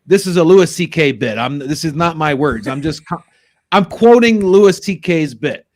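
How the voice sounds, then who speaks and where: A man hosting a sports talk show in casual, rambling chat. His voice sits a bit high for a man. He talks in an animated way and laughs easily. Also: normal speed. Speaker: podcast host.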